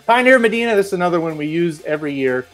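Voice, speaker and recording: A man's voice: a little high, expressive, rapid-fire, a bit bright, soft background music. Joking male horse racing host. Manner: joking, chatty, laughs between remarks. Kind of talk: casual commentary reading viewer comments.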